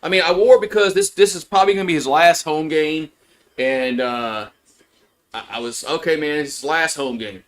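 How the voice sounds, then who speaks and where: Frustrated fan calling a live game. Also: male voice, fairly high pitch, moderate pace. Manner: frustrated, swears, repeats himself. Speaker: fan play-by-play streamer. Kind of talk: casual live play-by-play commentary.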